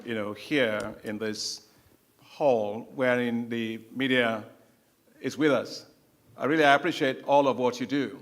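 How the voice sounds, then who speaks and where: A man speaks at a press conference in a large hall, thanking the media in an appreciative, formal way. His voice sits at an ordinary middle pitch. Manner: warm, appreciative address to the press. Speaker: development bank president giving remarks.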